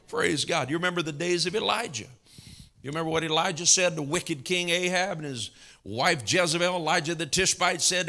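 A man's voice: fairly high pitch, lively intonation, normal speed, bright, forceful tone. A male pastor preaching a fervent sermon in church, calling out hallelujahs and laughing between points.

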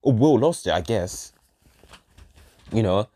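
A man's voice: on the low side, lively intonation, slow, warm tone. Exasperated sweary man ranting. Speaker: reviewer. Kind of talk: profane ranting review.

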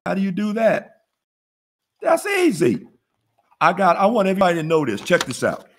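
Animated man teaching a money webinar. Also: high-pitched, fast talker. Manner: preachy, call-and-response, laughs at own jokes. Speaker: webinar host, business funding teacher. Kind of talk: casual motivational webinar teaching.

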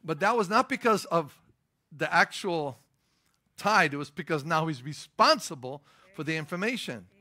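A middle-aged male pastor delivers a sermon in a fairly high voice with a bright, forceful edge, keeping a moderate pace and lively intonation. He hammers his points home with sudden stressed lines, then eases into relaxed storytelling asides.

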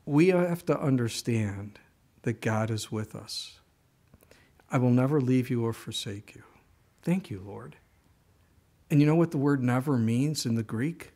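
A pastor preaching a sermon, a man telling stories with animated delivery and asking the congregation rhetorical questions. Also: medium pitch.

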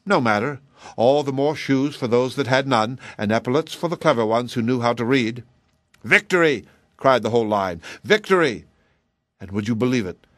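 A man narrates a soldier's tale with theatrical flair, his voice sitting at an ordinary middle pitch. He leans into the story and breaks into loud shouted cries now and then. The recording is dry and close, with no room sound. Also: brisk, no echo. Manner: lively storyteller voicing an old soldier, bursts into loud cries. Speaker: audiobook narrator. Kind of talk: dramatic reading of a soldier's tale.

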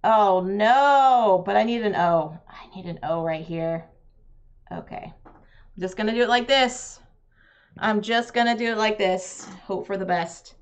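Lady streaming a dice game live, talks slow, chats with viewers a lot. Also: medium pitch. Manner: chatty, addresses viewers, laughs often. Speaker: streamer playing a roll-and-write game.

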